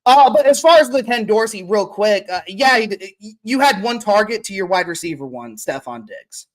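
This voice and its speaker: A woman's voice: medium pitch, expressive, moderate pace. A woman co-hosting a casual sports podcast, ranting profanely and with exasperation. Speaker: podcast co-host.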